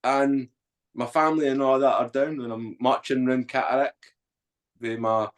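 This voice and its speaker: A man's voice: medium pitch, fairly even intonation, moderate pace. A man, a podcast guest telling his story candidly and bluntly, swearing freely.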